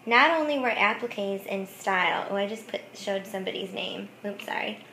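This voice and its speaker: A woman's voice: medium pitch, normal speed, bright, forceful tone, slight background noise. A woman craft vlogger chatting casually about thrift finds, giggling often and saying "like" a lot. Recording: echoey room.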